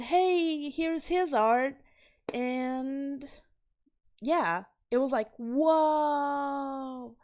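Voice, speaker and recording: Chatty, enthusiastic young-sounding woman, clear voice. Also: on the high side. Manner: chatty and enthusiastic, with nervous laughs and self-corrections. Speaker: video host reviewing comic art. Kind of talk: casual chat.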